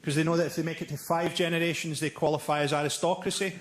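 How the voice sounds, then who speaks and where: Scottish man, stand-up comedy, high voice, dry deadpan delivery, live stage recording, heavy background noise. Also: fast. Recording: live show with loud ambient noise.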